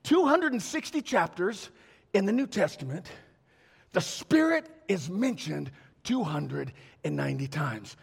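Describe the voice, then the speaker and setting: A man preaching a sermon in a church, animated and exhorting, with call-and-response asides to the congregation. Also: high voice, a little slow, creaky, husky. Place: church sanctuary. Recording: long reverb of a large hall.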